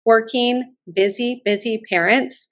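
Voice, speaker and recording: A woman's voice: on the high side, a little slow. Upbeat middle-aged woman telling stories. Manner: animated, enthusiastic storyteller. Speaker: college admissions consultant, guest. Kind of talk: podcast interview, personal storytelling.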